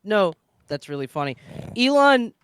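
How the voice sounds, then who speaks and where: A man co-hosting a podcast who tells animated, profane stories in casual chat. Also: sits high, moderate pace, clear, resonant tone, no room sound. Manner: animated storytelling, heavy swearing. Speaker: podcast co-host.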